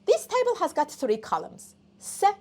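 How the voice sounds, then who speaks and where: A woman's voice: sits high, wildly swooping pitch, moderate pace, warm tone. A woman whose first language is Persian, teaching an online English test class, coaxing students and often checking in with "okay?".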